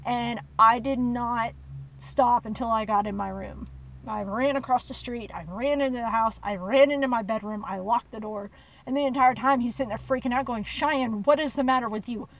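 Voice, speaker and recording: Gal chatting on her podcast, kinda high voice, lots of "like", sits a bit back from the mic. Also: normal speed, far from the mic, lo-fi sound. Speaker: podcast host. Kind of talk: casual storytelling.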